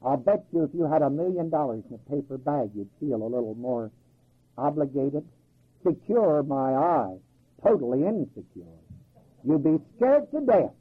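A man's voice: fairly high pitch, sing-song, normal speed, breathy edge. A man preaching a sermon in a folksy, emphatic way, firing rhetorical questions and chuckling at his own jokes. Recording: tinny phone-like old recording.

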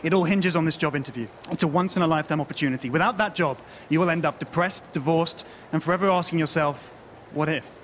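A man acting in comedy sketches, earnest and deadpan. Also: fairly high pitch, fast. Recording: noisy background.

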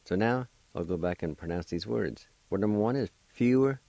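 On a radio language lesson, a teacher and host with a fairly low, animated, mellow voice patiently spells and pronounces words one letter at a time. There's no echo, and his delivery is slow and encouraging.

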